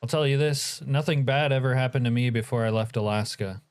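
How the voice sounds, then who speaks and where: A man's voice: medium pitch, brisk, smooth. A man streaming a game, chatting casually and joking as he reacts to his chat.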